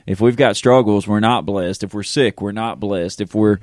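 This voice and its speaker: Man, pastor co-hosting a podcast, rambling and animated, dry close sound. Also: lowish voice, normal speed, no room sound. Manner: animated, rambling, self-interrupting with fillers. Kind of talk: casual faith podcast chat.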